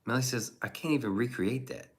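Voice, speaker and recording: A man's voice: mid-range voice, brisk. A man streaming casually and reacting to chat, rambling and profane with chuckling asides.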